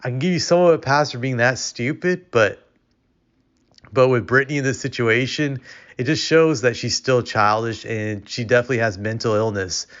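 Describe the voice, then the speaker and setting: A man's voice: medium pitch, normal speed, a bit bright. A man giving casual, opinionated commentary as a vlogger, rambling with frequent restarts. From United States. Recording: dull lo-fi recording.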